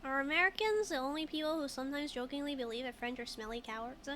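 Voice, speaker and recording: A woman's voice: high voice, fast, fairly bright tone, slight background noise. A woman streaming a video game in a casual, chatty way, laughing often while she reads game text aloud and answers chat.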